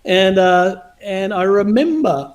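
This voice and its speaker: A man's voice: high-pitched, slow. A man hosting a livestream over a video call, telling stories casually with lots of laughter and acted-out quotes. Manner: animated, laughing, acts out quotes. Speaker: host.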